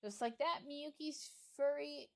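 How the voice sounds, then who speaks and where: A woman's voice: high voice, unhurried, gravelly, darkish tone. A woman streamer narrating a game playthrough in a playful manner, reading the dialogue aloud.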